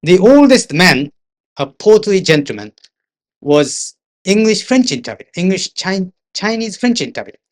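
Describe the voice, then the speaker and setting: Pitched high with big swings, at a moderate pace, the older man speaks with a Japanese accent. He is an interpreter telling anecdotes in a seminar talk and sometimes adds asides in Japanese.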